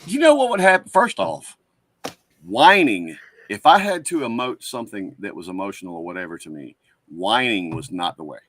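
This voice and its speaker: Man, podcast co-host, blunt and profane, bright tense voice, dry close sound. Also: lowish voice, very animated, normal speed, dry recording. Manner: blunt, profane, rambling storyteller. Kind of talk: casual chat.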